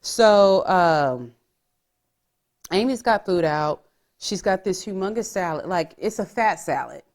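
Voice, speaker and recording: A woman's voice: fairly low pitch, expressive, slow, a little mellow. A woman podcast host, recapping a reality show in casual, profane, gossipy chat. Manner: profane, gossipy storytelling that acts out quotes.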